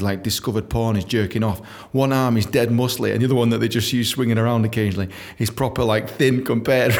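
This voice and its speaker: A young man tells workplace stories in a loose, swearing monologue. He is animated and often laughs. He slips into quick voices for the people he describes. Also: medium pitch. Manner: animated, profane, laughing, mimics others in quotes. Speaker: podcast host telling stories from his book. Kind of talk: casual storytelling monologue.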